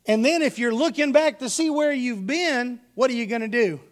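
A man's voice: extremely high pitch, normal speed. A man from Texas, preaching a sermon full of folksy personal stories and calling his congregation y'all.

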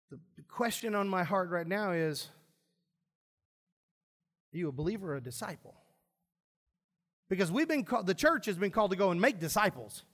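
Emphatic high-voiced preacher man. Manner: emphatic, asks the congregation questions and answers them. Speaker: pastor. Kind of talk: sermon. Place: church.

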